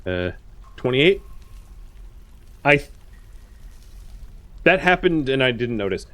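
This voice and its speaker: A man giving casual let's-play commentary, talking straight to the characters on screen, with excitable outbursts and quiet muttered asides. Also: medium pitch, takes it slowly. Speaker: gameplay commentator.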